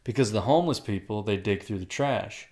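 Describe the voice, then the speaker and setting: A man's voice: fairly low pitch, brisk, a little mellow. A young man in casual podcast chat, telling profane, crude stories and laughing at his own jokes.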